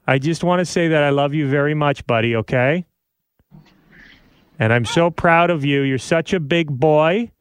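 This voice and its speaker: A man's voice: fairly high pitch, moderate pace, clear, resonant tone, no room sound, clean studio sound. A man in his thirties hosting a casual podcast as a father, tender and often laughing, a little choked up.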